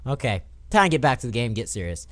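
A young man doing casual let's play commentary, swearing and yelling at the game, then dropping to a quiet mutter. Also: mid-range voice, sing-song, fast, background noise. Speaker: gamer.

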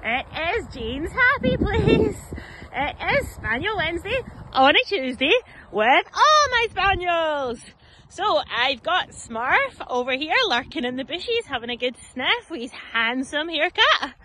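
A Scottish woman with a very high voice talks cheerfully to camera while out walking her dogs. She slips into cooing baby talk with the pups. The recording is noisy, with barking and outdoor sound behind her. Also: very animated, a little slow, pushed and bright. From Scotland. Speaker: professional dog walker. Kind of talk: outdoor vlog chat with dogs. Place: outdoors in a park or woods. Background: dogs barking, outdoor ambience.

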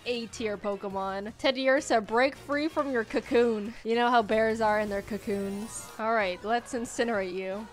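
Excitable young woman gaming over faint music. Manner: excitable, squeals high at cute creatures. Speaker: gaming YouTuber. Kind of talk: playing a video game with commentary. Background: faint game music.

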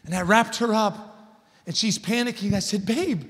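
A man in his thirties preaching a sermon as a guest speaker, telling a family story and building to loud, emphatic points. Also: high voice, moderate pace. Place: large church hall. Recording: long church hall reverb.

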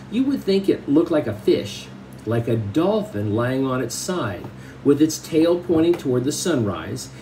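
A man reads a novel aloud chapter by chapter and breaks off to explain it in casual asides. His voice is mellow and relaxed, and a faint hiss sits under the recording. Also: mid-range voice, low-quality recording.

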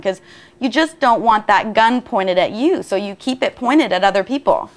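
A woman, a former student, telling her story in a documentary interview and acting out what other people said. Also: a little high. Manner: rapid, acts out other people's voices.

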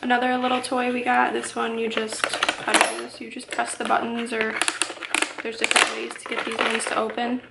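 A woman's voice: a little high, completely flat delivery, brisk, creaky, reverberant, heavy background noise. A heavily pregnant young woman vlogging from home, chatty and upbeat with many fillers, a little out of breath. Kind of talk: casual haul vlog.

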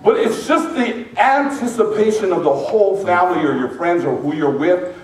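A man preaching as pastor to his congregation, lively and joking with the people in the pews. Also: sits high, moderate pace, a little hiss or hum. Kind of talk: sermon. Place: large church sanctuary. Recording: echoey church from a distance.

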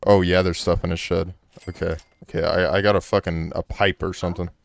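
A man casually chatting and swearing excitedly while playing a co-op video game. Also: deep voice, fairly quick, creaky. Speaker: gameplay streamer. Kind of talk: casual co-op gameplay chat.

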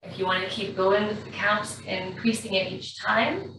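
A woman, a yoga instructor calmly guiding a class through slow breathing in a studio. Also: medium pitch. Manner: slow, calm, even-toned guidance. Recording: very echoey room, far from mic, faint noise.

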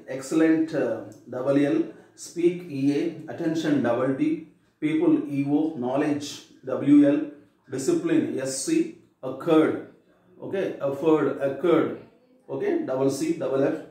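A man's voice: on the high side, mellow. A male teacher going through exam answers methodically, spelling words out letter by letter. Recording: echoey room, voice far from mic.

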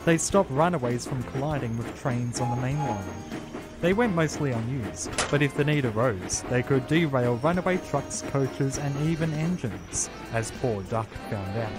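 A man reading a children's train story aloud as narrator, with a calm, steady delivery. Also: medium pitch, normal speed. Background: music.

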